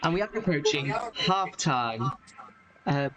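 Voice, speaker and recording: Lively, rambling live-stream football host. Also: mid-range voice, slow, dull audio, a loud crowd. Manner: chatty, rambling, teasing co-hosts. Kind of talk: casual live-stream commentary. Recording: noisy home stream with clicks.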